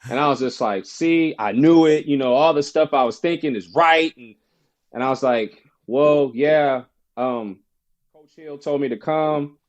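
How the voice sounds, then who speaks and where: A man's voice: mid-range voice, measured pace. A man telling a personal story as a podcast guest, acting out the voices of the people he quotes. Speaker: podcast guest, former basketball player. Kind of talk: casual storytelling interview.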